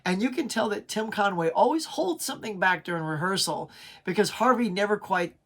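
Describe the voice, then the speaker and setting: A man's voice: high-pitched, expressive, a little fast, fairly bright tone. A middle-aged man hosting his pop culture channel, talking in a chatty, enthusiastic way with frequent restarts. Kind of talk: casual video review.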